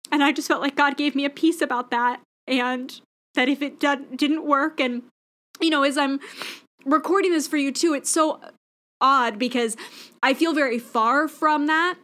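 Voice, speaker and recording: A woman's voice: high voice, fairly bright tone. A woman hosting a podcast, speaking candidly and emotionally in a reflective personal monologue. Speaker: podcast host.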